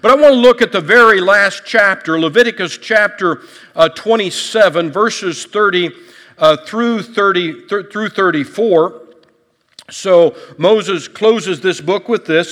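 High-voiced pastor in a reverberant hall. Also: male voice, measured pace, fairly bright tone. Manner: conversational, folksy storytelling with light humor; repeats words and restarts often. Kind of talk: sermon.

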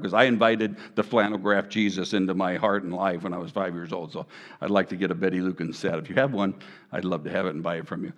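A middle-aged man, preaching a sermon in an animated, conversational way. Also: deep voice, quick pace, in a large hall. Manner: animated, conversational preaching with sound effects and jokes. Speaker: pastor.

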